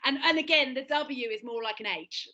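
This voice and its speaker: A woman's voice: high-pitched, moderate pace, lo-fi sound. A woman with a London accent, a guest on a video-call podcast, who explains things by acting them out. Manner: animated, explains by demonstrating. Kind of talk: casual podcast chat.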